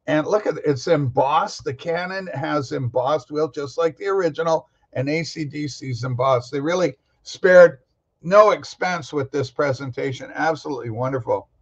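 A man's voice: on the high side, normal speed, husky, lo-fi sound. Rambling jokey man hosting a livestream. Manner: rambling, jokey, talks back to chat commenters. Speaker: host of a record-collecting livestream. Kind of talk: casual live-chat talk.

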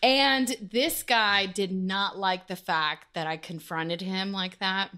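A woman musician telling a story as a podcast guest, animated and full of swearing. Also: medium pitch, slow, background noise. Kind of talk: casual storytelling interview.

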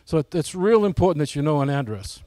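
A man's voice: on the high side, very animated, quick pace, mellow, no echo. Folksy man giving a club talk. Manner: folksy, asks the audience direct questions. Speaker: flying club presenter. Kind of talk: casual presentation to club members.

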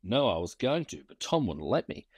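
A man's voice: lowish voice, sing-song, moderate pace, husky, dry recording, full character voice. A man voicing Mitchell, a weathered bushman telling a dry, wry yarn in a storybook reading. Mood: drawling yarn. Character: weathered male bushman spinning yarns.

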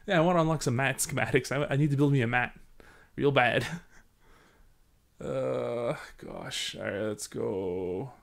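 A young man from Sudbury, Canada plays a horror game as a let's play host, speaking a little slowly in a mid-range voice with vocal fry. He keeps up the jokes, but when startled he panics, yelps, and swears.

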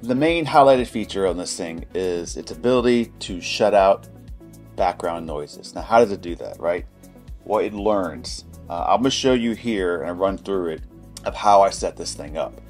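Male reviewer host, low register, loose and conversational, tells little stories, soft music bed. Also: lively intonation, moderate pace. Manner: chatty, anecdotal, loose and informal. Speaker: product reviewer. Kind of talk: casual product review.

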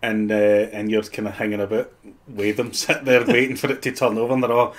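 A Scottish actor as a podcast guest, telling lively anecdotes with plenty of swearing. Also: male voice, on the low side, brisk. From Scotland. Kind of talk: casual podcast chat.

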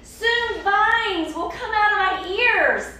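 A fretful storybook crocodile wails in a high, loud, slow voice, each line an alarmed exclamation, as a woman puts it on while reading aloud. The sound is very echoey and heard from some way off, with a faint hiss underneath. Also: distant mic, heavily acted. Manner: exclaiming, drawn-out. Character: panicky crocodile who swallowed a seed.

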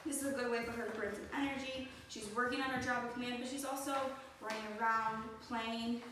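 A young woman trains a dog and explains what she is doing, with bright, upbeat praise cues and a voice on the higher side. She sounds far from the mic, in a very echoey space with clear background noise. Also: steady tone, fast talker. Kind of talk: training demonstration with commentary.

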